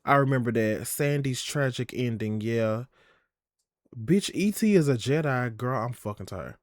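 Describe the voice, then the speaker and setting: A man's voice: mid-range voice, expressive, a little slow, no room sound, clean studio sound. A young man live-streaming in a sassy, chatty way, swearing a lot and calling his viewers "girl" and "y'all.". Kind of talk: casual live-stream chat.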